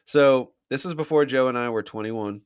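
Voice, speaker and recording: A man's voice: medium pitch, normal speed, smooth, dry recording, clean studio sound. A young man co-hosting a podcast, chatting casually and recalling old concerts. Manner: short reactions, reminiscing. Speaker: podcast co-host. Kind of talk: casual chat.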